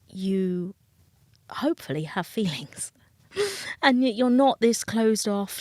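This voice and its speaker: A woman's voice: medium pitch, no echo. British woman, middle-aged, frank and emotional, dry sound. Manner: frank, emotional, acts out quoted voices. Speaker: dating coach and TV guest. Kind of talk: candid interview talk.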